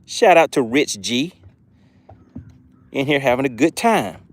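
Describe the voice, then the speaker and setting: A man's voice: mid-range voice, animated, unhurried. A man with a Southern US accent hosting a live fishing stream outdoors, reading viewer comments aloud and laughing often in a friendly, chatty way. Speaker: fishing livestream host.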